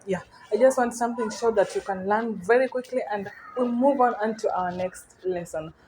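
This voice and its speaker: Woman, casual language teacher, slow repeated words, checks in with listener, faint background noise. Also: mid-range voice. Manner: repeats words slowly, often checks "you getting me?".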